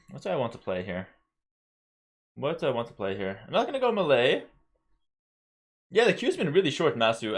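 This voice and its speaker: Young guy streaming, rambly and laid back, chatting w chat, medium pitch. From South Carolina, USA. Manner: relaxed, rambling, repeats words, chats with viewers. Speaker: game streamer. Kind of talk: casual live-stream chat.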